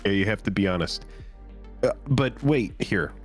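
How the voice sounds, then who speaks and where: A man's voice: lowish voice, animated, moderate pace, faint music behind. A man co-hosting a live stream, chatting casually in a laid-back way and thanking viewers. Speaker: co-host of a card game live stream.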